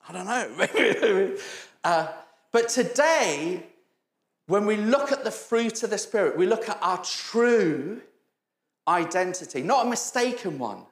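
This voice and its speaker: A man's voice: high-pitched, lively intonation, takes it slowly. A man preaching a sermon, telling funny stories, acting out the voices of the people in them and laughing often. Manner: storytelling, acts out quoted voices, laughs often. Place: church hall. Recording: echoey church hall.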